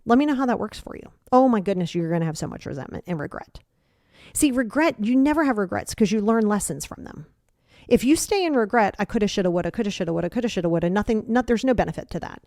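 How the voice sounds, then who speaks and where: A woman's voice: on the high side, very animated, fast, darkish tone, dry recording, studio quality. Blunt middle-aged woman giving tough-love advice. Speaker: podcast host and emotional coach. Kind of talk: solo podcast monologue.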